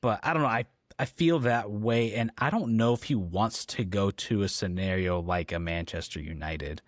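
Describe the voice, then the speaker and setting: Low-voiced man chatting football, halting. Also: no echo, studio quality. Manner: hesitant, lots of ums and restarts. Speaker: podcast co-host. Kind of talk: casual football chat.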